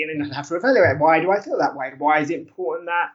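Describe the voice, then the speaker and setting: Man, academic guest, higher voice, animated explainer who laughs and restarts, slightly muffled line. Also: very fast, few pauses. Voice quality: animated, laughs often, frequent self-corrections. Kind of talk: conversational explanation. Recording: muffled lo-fi audio.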